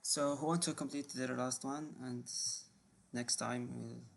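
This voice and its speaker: A man's voice: mid-range voice, fairly even intonation, a little slow, gravelly. A man teaching a one-on-one English grammar lesson over a call, patient and repeating words often.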